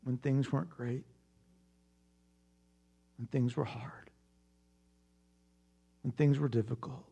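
A man preaching a sermon, telling a personal story with animated swings in volume and then dropping to a hushed, prayerful tone. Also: medium pitch, takes it slowly, vocal fry, husky. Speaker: pastor.

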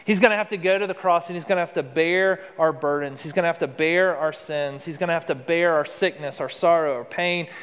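A man preaching in an earnest, conversational way, asking his listeners questions as he goes. His voice sits a little high for a man. The long reverb of a hall trails behind him. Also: brisk, few pauses, fairly bright tone, clear, resonant tone. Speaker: pastor. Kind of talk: sermon.

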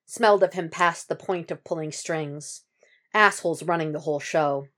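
A woman reading fan fiction aloud as a podfic narrator, with steady, measured narration. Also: sits low. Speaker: podfic reader.

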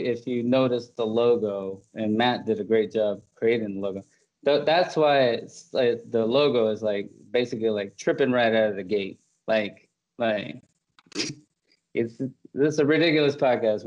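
A man's voice: medium pitch, a little mellow, dull audio. A man hosting a podcast in casual chat, rambling, laughing often and full of fillers and restarts. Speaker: podcast host.

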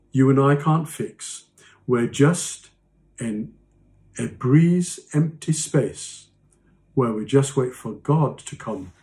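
A man preaching a sermon as pastor, slow and earnest, dropping soft and low on key phrases. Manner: slow, earnest preaching with mocking quoted voices.

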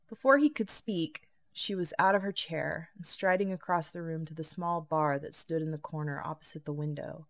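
A woman narrating a novel as an audiobook, steady and even. Her voice is low and gravelly throughout. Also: normal speed, hardly any pauses. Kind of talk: scripted narration.

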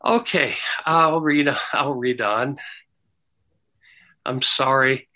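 A man teaching the Bible in a sermon style, slow and halting, with repeated words and apologetic asides, building to emphatic rising stresses. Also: mid-range voice, pushed and bright, poor audio. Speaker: Bible teacher answering questions.

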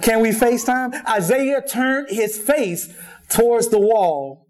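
A man's voice: very high-pitched, slow pace, soft background music. A man preaching a sermon in a church, telling jokes and stories with lots of repetition. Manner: lively storytelling with jokes and repetition. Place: church sanctuary.

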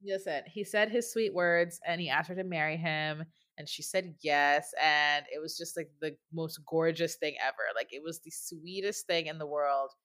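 A woman's voice: deep voice, steady tone, normal speed, hardly any pauses, a bit bright. A woman co-hosting a podcast, chatting casually and animatedly, blunt and swearing freely. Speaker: podcast co-host. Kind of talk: casual chat.

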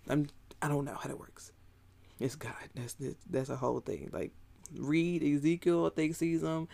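A man's voice: medium pitch, vocal fry, a little mellow. A man preaching a sermon in a casual, conversational way, talking straight to his listeners.

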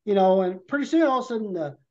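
A man's voice: high voice, lively intonation, rapid-fire. Man telling a long hunting story. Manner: rambling hunting tale told with vivid detail. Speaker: podcast guest. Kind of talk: casual storytelling. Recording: dull lo-fi podcast audio.

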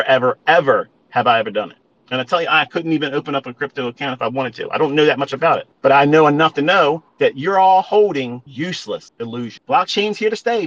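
A man's voice: high-pitched, bright, forceful tone, dry recording. A man hosting a trading show, delivering a blunt, profane rant and lecturing his listeners as folks. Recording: dull lo-fi audio.

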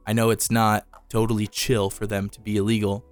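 A man with a low voice talks casually on a podcast, relaxed and swearing often. He keeps slipping in filler words as he talks. Quiet music plays underneath. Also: fairly quick. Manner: relaxed, profane, says dude a lot. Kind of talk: casual chat.

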